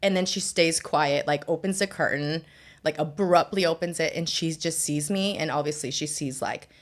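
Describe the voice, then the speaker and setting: Young woman guest, slightly low-pitched, candid storyteller who says "like" a lot. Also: moderate pace. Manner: candid, heavy use of "like" fillers. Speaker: podcast guest. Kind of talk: personal storytelling in conversation.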